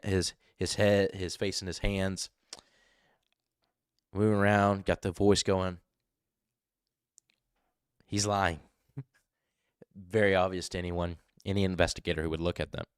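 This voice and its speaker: A man hosting a live commentary stream, talking in an animated way and mimicking voices to make his points. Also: low-pitched, moderate pace, pauses often, clear, resonant tone, no room sound, clean studio sound. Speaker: livestream host.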